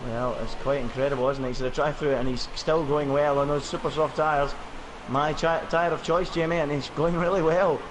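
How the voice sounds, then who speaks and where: A man's voice: fairly high pitch, fairly quick, noisy background. A man giving play-by-play commentary on an online racing game and quizzing his co-host. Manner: steady play-by-play, asks co-host questions. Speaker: lead race commentator.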